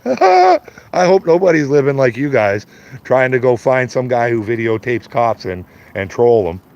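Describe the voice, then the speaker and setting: On a live stream with slightly dull, lo-fi audio, a fifty-something Canadian man rants bluntly and profanely, making fun of his critics and laughing at his own jokes. His mid-range voice is darkish and sing-song, and he doesn't hurry.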